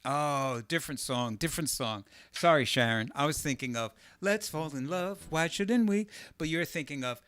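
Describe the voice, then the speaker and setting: A man with a smooth, expressive, slightly high voice hosts a live guitar stream, chatting with viewers at a moderate pace with few pauses, rambling, thinking aloud and cracking self-deprecating jokes. Loud guitar plays behind him, and there's no room sound.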